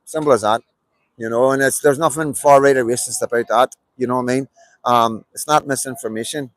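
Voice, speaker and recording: Middle-aged Belfast man, mid-pitched, emphatic live-stream rant, dry recording. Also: fairly even intonation, a little fast, no room sound, rough recording. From Belfast, Northern Ireland. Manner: emphatic and repetitive, many fillers. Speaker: livestreamer. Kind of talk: rambling live political monologue.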